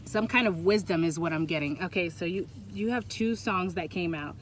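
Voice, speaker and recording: A woman giving a pick-a-pile tarot reading, talking in a rambling, halting way that often turns emotional, recorded on a Bluetooth mic. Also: lowish voice, a little hiss or hum. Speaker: tarot reader.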